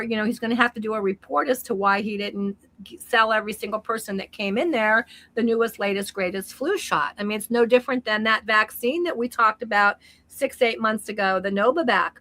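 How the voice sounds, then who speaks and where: A woman's voice: fairly high pitch, pushed and bright, poor audio. A middle-aged woman co-hosting a talk show, speaking earnestly and giving advice in a casual, unscripted way, with frequent restarts. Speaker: co-host.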